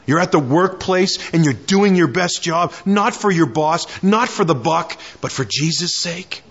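A man's voice: on the high side, lively intonation, moderate pace, breathy edge, dull audio. A man preaching a sermon, building in fervor through repeated lines and prayers. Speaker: pastor.

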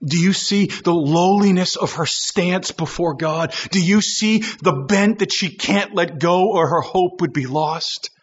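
Impassioned high-voiced male preacher. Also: unhurried, few pauses, breathy edge, highs cut off. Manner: impassioned, swinging from shouts to low hushed tones. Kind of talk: sermon.

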